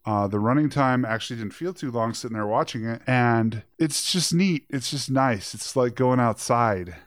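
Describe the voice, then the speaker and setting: A man's voice: mid-range voice, normal speed, no room sound, clean studio sound. A man co-hosting a podcast, joking wryly through a casual movie review. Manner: joking, wry, chuckling asides. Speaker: podcast co-host.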